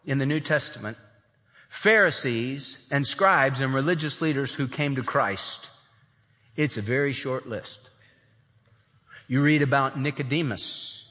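A male preacher with a bright, ringing voice that swings widely up and down as he preaches. He slips in and out of acted voices of the people in his story. His words carry a long echo, as in a large hall. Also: fairly high pitch. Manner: acts out the older son's complaints in voices. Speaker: pastor. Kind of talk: sermon.

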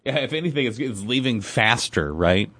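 A man's voice: medium pitch, animated, moderate pace, a bit bright, no room sound. Joking male radio morning host. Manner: joking, reads listener messages aloud. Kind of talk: casual radio banter.

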